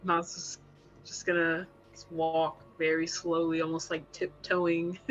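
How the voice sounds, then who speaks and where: Player, slow and giggly, bright tone, muffled lo-fi mic. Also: mid-range voice, little pitch movement. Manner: slow, giggly narration of a character's actions. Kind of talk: playing a tabletop game.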